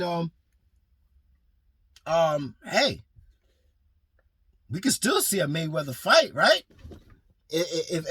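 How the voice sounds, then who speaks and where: Fired up guy vlogging about boxing, husky voice a bit high, dry close sound, swears a lot. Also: fairly bright tone, dry recording. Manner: passionate, rambling, swears freely. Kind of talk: casual fan commentary vlog.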